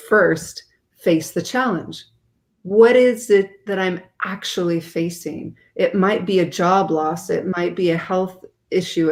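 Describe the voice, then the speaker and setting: Earnest woman, low voice. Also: darkish tone. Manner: earnest, explanatory. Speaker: guest author. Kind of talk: interview explanation.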